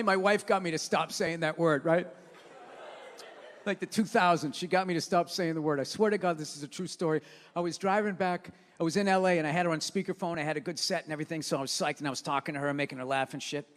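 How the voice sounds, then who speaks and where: A middle-aged man doing a loud, swearing stand-up rant on stage, heard with the reverb of a live hall and an audience. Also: on the high side, quick pace. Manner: loud, ranting, swearing, mocking. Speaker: stand-up comedian. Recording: live hall with crowd and faint noise.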